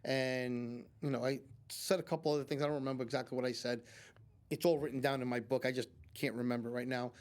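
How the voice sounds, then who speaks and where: A man's voice: medium pitch, fairly even intonation, quick pace. New man telling rambling stories. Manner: rambling anecdotes with many restarts and acted-out quotes. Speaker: psychic medium guest. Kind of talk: storytelling in a talk show interview. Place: community TV studio.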